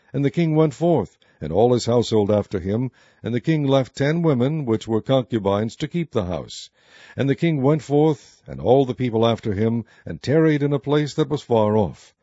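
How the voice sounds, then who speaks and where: A man giving a steady, measured scripted reading of scripture as narrator. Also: mid-range voice, dry recording, dull audio.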